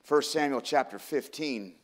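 A man's voice: mid-range voice, a little slow. A man preaching a sermon in an earnest, heartfelt way. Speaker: pastor.

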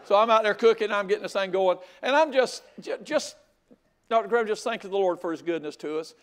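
An older man preaching a sermon, telling a folksy story with loud outbursts. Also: high voice, brisk, smooth. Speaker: pastor.

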